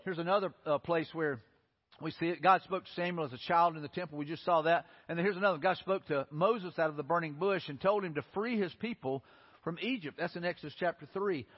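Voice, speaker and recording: Husky-voiced man preaching a sermon. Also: on the high side, quick pace, big-room sound, lo-fi sound. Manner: earnest, rising to impassioned pleading. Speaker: pastor.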